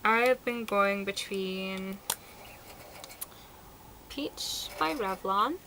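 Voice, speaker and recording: A woman's voice: mid-range voice, extremely slow, bright, forceful tone, a little hiss or hum, poor audio. A woman chatting casually through a product review, enthusiastic and sprinkled with fillers. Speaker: beauty vlogger.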